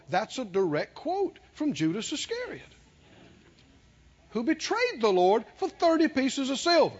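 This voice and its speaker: Unhurried and very high-voiced, a man preaches a sermon, laughing while he tells a story and calling out to the congregation. His manner is animated, and the recording is dull and lo-fi.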